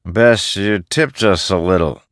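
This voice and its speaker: A man voicing a drunk, slovenly bald male soldier who slurs his words and speaks slowly and lazily. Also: deep voice, no room sound, studio quality, voice pushed up. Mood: mocking. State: drunk, slurring.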